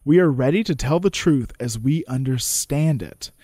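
A man's voice: medium pitch, animated, warm tone, no room sound, studio quality, natural voice. A man reading as a fiery courtroom orator. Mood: impassioned. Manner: measured, dramatic oratory. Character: impassioned male courtroom orator.

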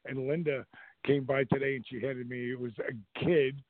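A man's voice: medium pitch, normal speed, no echo. A middle-aged man hosting a radio show, telling stories casually and animatedly, with restarts and acted-out quotes. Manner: animated anecdote-telling, acts out voices in quotes. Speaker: show host. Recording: dry, phone-like narrow sound.

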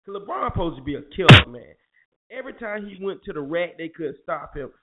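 A morning show host with a voice on the high side and lively intonation goes on a heated, profane, repetitive sports rant at a fairly quick pace. The audio sounds tinny and phone-like, with faint music underneath.

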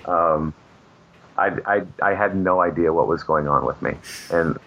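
Speaking a little slowly in a low, gravelly voice, a comic book artist spins long, rambling stories during a casual interview. His talk is packed with fillers and frequent restarts, and the audio is muffled and lo-fi.

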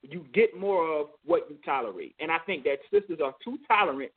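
A husky, rather high male voice with lively intonation comes through a tinny phone connection, talking a little fast. He co-hosts a call-in talk show, pressing his points hard, repeating phrases, and tossing in "you know what I'm saying" often.

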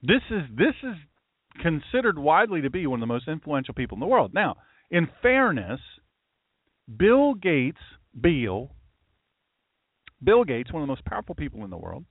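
A man, a pastor, giving a mocking, animated commentary monologue and talking to an imagined audience. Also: a little high, normal speed, pauses often, husky, dry recording. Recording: tinny phone-like dry sound.

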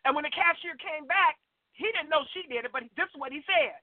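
A woman with a high voice phones in to a faith talk show and tells her testimony with lively, preacherly energy, acting out each person in her stories. Her voice comes through a thin, tinny phone line with no room sound at all. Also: brisk, no room sound. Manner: animated storyteller, preacherly, acts out dialogue. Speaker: caller.

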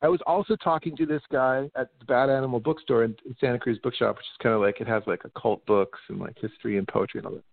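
Animated male podcast host, middle pitch, swears often, narrow phone-like sound. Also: quick pace, creaky, few pauses, slightly rough, no room sound. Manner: animated, mimics others in raised voices; swears freely, says "like" often. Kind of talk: casual conversation.

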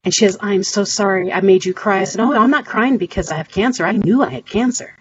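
A middle-aged woman, guesting on a podcast interview, tells her story earnestly and acts out the voices of people she quotes. She speaks fast at a medium pitch, and the audio is slightly dull with a faint hiss.

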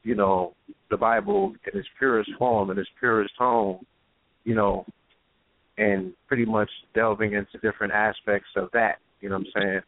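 A man's voice: lowish voice, very animated, normal speed, vocal fry, no echo. A man hosting a casual radio discussion, asking long, searching questions filled with "you know what I'm saying.". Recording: dry, tinny phone line.

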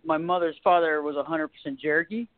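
A woman's voice: low-pitched, steady tone, fast talker, no echo. A middle-aged woman with a light Southern drawl talks in a chatty, rambling way, laughing easily as a guest. Her voice comes through a tinny phone line. The sound is dry, with no room around it. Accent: Southern US, light Texas drawl. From Southern United States. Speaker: guest, talk show host and life coach. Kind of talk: casual interview chat.

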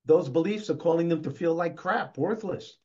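A man's voice: on the high side, moderate pace, dark tone. An older man, a motivational speaker and guest, talking emphatically and upbeat in a conversational interview. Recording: dull lo-fi recording.

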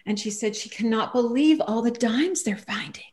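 A woman, a guest author on an online radio show, telling personal stories in a casual, animated way and acting out the quoted voices. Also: fairly high pitch, normal speed. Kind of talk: casual interview chat.

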